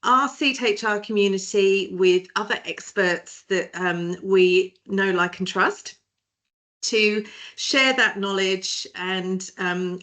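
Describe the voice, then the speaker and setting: A woman's voice: mid-range voice, fairly bright tone. A woman from Britain hosting a webinar as director of a small firm, chatty and jokey with many hesitations, heard over a video call.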